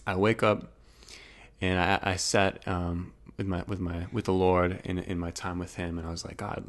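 A man's voice: sits low, little pitch movement, moderate pace. A young man animatedly telling a personal story in casual chat, acting out his own past words.

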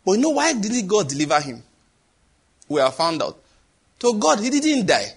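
A man delivers a sermon in a high, husky voice at normal speed. He preaches in a lively, dramatic way, his pitch swinging widely as he acts out voices and sound effects.

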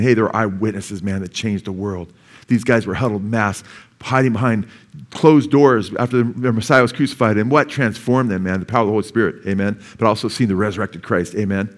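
A middle-aged man preaching a sermon in a church in a conversational way, often tagging his points with "amen?" and "man". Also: lowish voice. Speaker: pastor.

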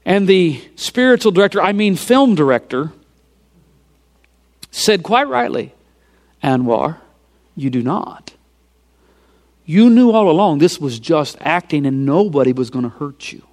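High-voiced man preaching through a story. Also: normal speed. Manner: animated retelling, dropping to hushed near-whispers for emphasis. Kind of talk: storytelling sermon.

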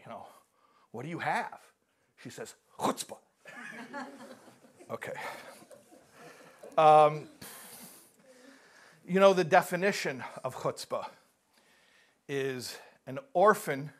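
A man's voice: medium pitch, husky. A man giving a live talk, telling jokes and acting out the characters, often restarting and repeating words. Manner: animated joke-telling, acts out characters.

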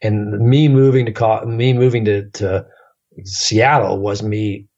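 A man's voice: fairly low pitch, fairly even intonation, takes it slowly, darkish tone, lo-fi sound. A man telling long stories in casual chat as a podcast guest, rambling with many fillers and restarts.

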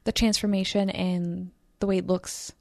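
Gravelly-voiced woman co-hosting a chat. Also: on the low side, little pitch movement, normal speed, a little mellow, no echo, studio quality. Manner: musing, questioning, teasing. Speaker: podcast co-host. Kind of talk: casual chat.

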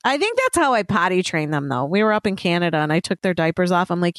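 A woman's voice: fairly low pitch, big pitch swings, fast talker, few pauses, no room sound, clean studio sound. A middle-aged woman co-hosting a podcast, telling stories in a chatty way and laughing often. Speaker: podcast co-host. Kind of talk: casual chat.

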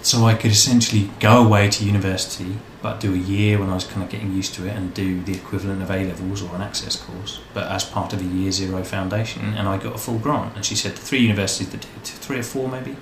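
A man's voice: lowish voice, fairly even intonation, quick pace, hardly any pauses. A man telling his life story in a casual interview, rambling and self-deprecating. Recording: echoey room, faint background noise.

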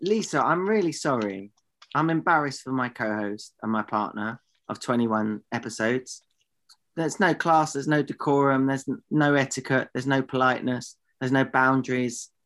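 A man's voice: mid-range voice, moderate pace, a bit bright. A man co-hosting a podcast in casual banter, teasing his partner in mock exasperation. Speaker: podcast co-host.

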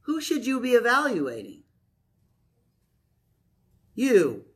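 High-voiced man preaching a sermon. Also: slow. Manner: conversational, animated storytelling with quoted voices.

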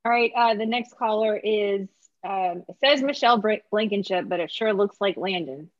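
A woman co-hosting a live call-in podcast, briskly bringing on callers with light humor. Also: mid-range voice, no echo, lo-fi sound. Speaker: podcast co-host. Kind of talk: casual call-in chat.

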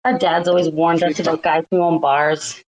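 A woman's voice: deep voice, little pitch movement, normal speed, slight background noise. Chatty Boston-woman host, laughing. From Massachusetts. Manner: laughing, storytelling, lots of "like". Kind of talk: casual chat.

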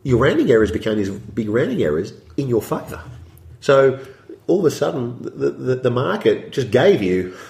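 A man's voice: medium pitch, big pitch swings, moderate pace, vocal fry, a little mellow. A man talking as an interview guest, rambling through his points and acting out his own thoughts in quotes. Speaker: property developer, podcast guest. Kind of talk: conversational interview talk. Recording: roomy echo.

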